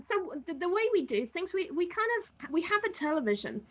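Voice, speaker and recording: Bubbly high-voiced woman. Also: sing-song, fairly quick, fairly bright tone, dull audio. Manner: chatty, bubbly, many restarts. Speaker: podcast co-host. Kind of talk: casual chat.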